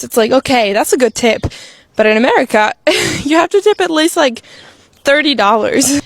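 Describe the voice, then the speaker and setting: A woman's voice: sits high, no echo. A woman from Europe, an exchange student, talking casually to camera and going through her points one by one. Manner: methodical, lists points.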